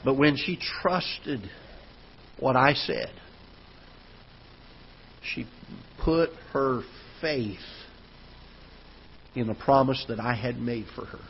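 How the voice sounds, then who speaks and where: A man's voice: medium pitch, expressive, slow pace, pauses often, highs cut off, a little hiss or hum. A man preaching a sermon as pastor, telling a story that builds into emphatic preaching. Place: church auditorium.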